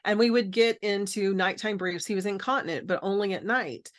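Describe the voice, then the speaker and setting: A woman's voice: mid-range voice, a little fast. A middle-aged woman telling a personal caregiving story as a podcast guest, earnest and reflective, with frequent fillers and restarts.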